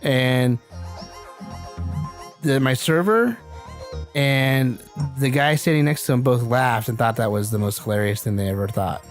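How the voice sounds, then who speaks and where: A man's voice: medium pitch, measured pace, pauses often, faint music behind. A man co-hosting a casual podcast, ranting with heated, swearing outbursts. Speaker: podcast co-host.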